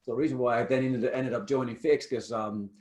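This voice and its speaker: A man's voice: medium pitch, fairly even intonation, fairly quick, a little mellow, roomy sound. A man hosting a podcast, chatting in a jovial, rambling way with frequent restarts. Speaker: podcast host. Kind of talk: casual interview chat.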